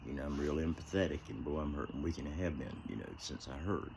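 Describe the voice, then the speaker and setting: A man with an extremely deep voice talks in a loose, rambling way, full of fillers. He is recorded outdoors, with a faint hiss of ambience behind him. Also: fast talker, gravelly, darkish tone. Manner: rambling, heartfelt, many "you know" fillers. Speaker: vlogger. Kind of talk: casual outdoor vlog talk.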